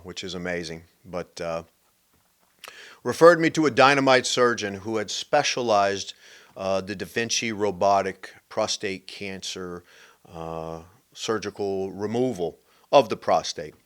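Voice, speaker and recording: A middle-aged man with a very low voice hosts his own show and talks straight to his listeners. He tells a personal story candidly and conversationally, with plenty of fillers and restarts. He leans hard on key points. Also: measured pace, fairly bright tone, clean tone. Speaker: host.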